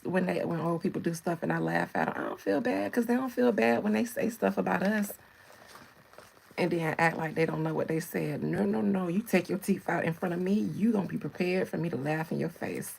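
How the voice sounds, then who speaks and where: A woman's voice: fairly low pitch, fairly quick, creaky, a little mellow, slightly rough, rough recording. A woman doing a tarot reading. She jokes and laughs often and sometimes drops to a whisper. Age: 40s. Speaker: tarot reader. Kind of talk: casual spiritual reading and storytelling.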